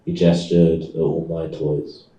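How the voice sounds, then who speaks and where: A man, the author, reading his novel aloud in a deadpan, measured way at a live event. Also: a bass voice. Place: event space in London. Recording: echoey room, far from mic.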